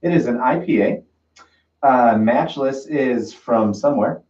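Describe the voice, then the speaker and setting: A man co-hosting a casual beer-tasting chat, teasing and animated, who stumbles when reading labels. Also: medium pitch, measured pace, a little hiss or hum. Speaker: podcast co-host. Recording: far-off mic in an echoey room, dull sound.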